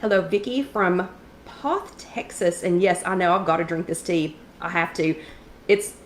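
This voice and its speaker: A woman's voice: fairly low pitch, unhurried, reverberant, a little hiss or hum. Chatty woman hosting a live chat. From East Tennessee. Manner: chatty, greets viewers by name between remarks. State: allergy-scratchy, clearing her throat. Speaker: host of a live wellness chat. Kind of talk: casual livestream chat greeting viewers.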